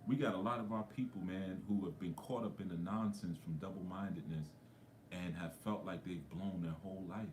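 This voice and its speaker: A low-pitched man tells stories to his livestream viewers. He speaks conversationally and keeps dropping in frequent asides. His voice echoes around a roomy space, with faint ambience underneath. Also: a little fast, darkish tone, slight background noise. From New York. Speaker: spiritual coach. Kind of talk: livestream talk.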